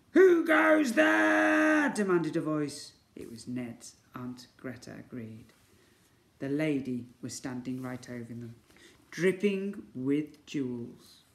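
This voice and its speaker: A male teacher reading a storybook aloud to young children, animated and acting out the sound effects. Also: mid-range voice, creaky. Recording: echoey room.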